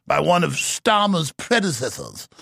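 Gravelly, bombastic male talk host. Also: a little high, wildly swooping pitch, bright, forceful tone, dry recording, studio quality. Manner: bombastic, fast-talking, scornful. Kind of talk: ranting talk radio monologue.

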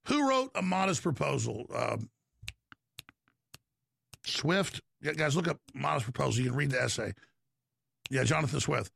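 A middle-aged man hosting a call-in radio show, ranting forcefully and jumping about in pitch and pace. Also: animated, normal speed, gravelly, long pauses, slightly rough, no echo, clean studio sound. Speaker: radio talk show host.

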